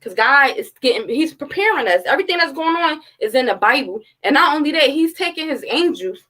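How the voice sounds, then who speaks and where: Woman, thirties, casual livestream commentary, blunt profane rant, slightly high voice. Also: big pitch swings, a little fast, sharp tone, low-quality recording. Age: 30s. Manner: blunt, heated, profane ranting. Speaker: true-crime commentary host.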